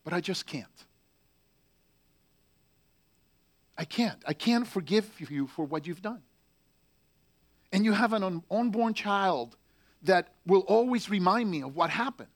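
A man reading aloud the letters of a Marine stationed overseas, slow and heavy with pauses. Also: high-pitched, lively intonation, pitched above the performer's own voice. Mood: anguished. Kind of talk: letter read aloud in character.

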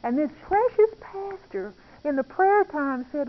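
A woman's voice: sits high, expressive, unhurried, hardly any pauses, slight background noise. Earnest woman sharing her faith. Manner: earnest, intimate, confiding. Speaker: Christian speaker. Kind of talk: testimony-style talk on prayer. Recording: dull lo-fi recording.

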